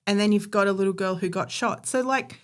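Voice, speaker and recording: A woman's voice: mid-range voice, brisk. A woman, co-hosting a podcast and telling a history story in a chatty, opinionated way. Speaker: podcast co-host. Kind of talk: casual storytelling chat.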